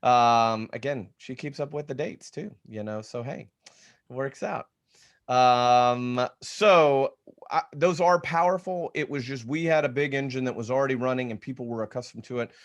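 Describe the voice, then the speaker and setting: A man's voice: mid-range voice, moderate pace. A man with a drawl leads an online class for real estate agents, his voice sitting in an ordinary middle register. He talks with energy in a loose conversational way and often restarts his thoughts partway through. The sound carries the feel of a video call. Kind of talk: webinar teaching talk.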